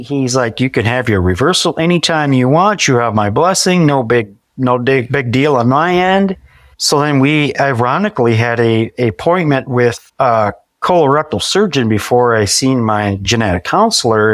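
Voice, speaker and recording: A male podcast guest in his forties tells stories conversationally in a medium-pitched voice, recorded dry with no room sound. He's chatty, restarts often and repeats words, and acts out quoted dialogue vividly.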